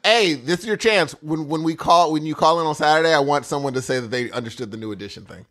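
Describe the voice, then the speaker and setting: A man's voice: a little high, fast, a bit bright. A man co-hosting a podcast in laid-back, joking casual chat. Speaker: podcast co-host.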